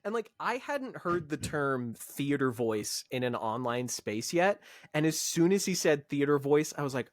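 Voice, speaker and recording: Young guy chatting on a podcast, super clear stagey diction, lots of ups and downs, dry close sound. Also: fairly high pitch, big pitch swings, moderate pace, no room sound. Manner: theatrically clear diction, laughs a lot. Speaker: podcast co-host. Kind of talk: casual chat.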